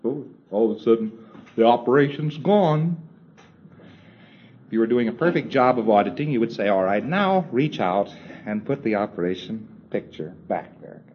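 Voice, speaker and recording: On a dull, lo-fi old tape with faint hiss, a man with a mid-range voice gives a recorded lecture at a moderate pace. His intonation is lively, and his conversational, wry delivery includes acting out little exchanges and chuckling along the way.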